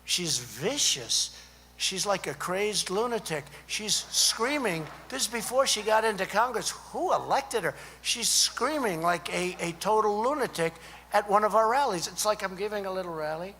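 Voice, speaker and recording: At a student conference, a man gives an off-the-cuff speech, rambling and repeating himself with plenty of asides to the crowd. His voice sits high with lively intonation, a moderate pace, and a sharp tone. The recording comes from an echoey hall with a faint hum.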